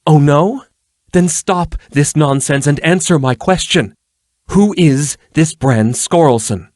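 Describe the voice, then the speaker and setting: A man's voice: mid-range voice, animated, unhurried, no echo, clean studio sound, voice pushed up, natural voice. A man reading an audiobook, voicing a proud, fiery half-elf woman with a raised voice. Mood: demanding. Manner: sharp and demanding.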